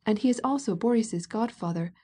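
Woman doing a knowing princess for a storybook; confiding half-whisper, husky. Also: a little high, brisk, dark tone, voice pushed up. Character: self-important well-connected princess.

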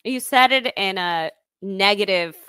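A woman's voice: mid-range voice, measured pace, pushed and bright, clear, resonant tone, dry recording. A woman guest on a talk show, casually denying accusations and laughing them off. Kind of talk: casual heated argument.

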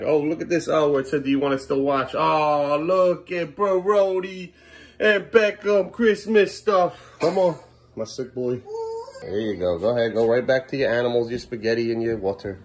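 A man's voice: mid-range voice, moderate pace, husky. A man filming his kids at home in a casual vlog, exasperated and half-laughing as he talks to them. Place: family home.

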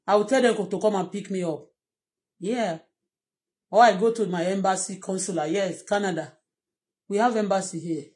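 A woman's voice: medium pitch, normal speed, long pauses, a little mellow. Impassioned Nigerian woman vlogging. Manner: impassioned, repetitive, pleading. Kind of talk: emotional personal vlog.

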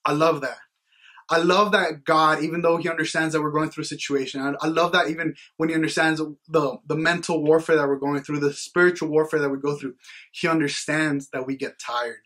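Young male youth-podcast co-host, slightly high and husky, earnest and rambling, casual faith talk. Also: fairly even intonation, brisk, sharp tone. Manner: earnest, rambling, heavy on "like" and "you know what".

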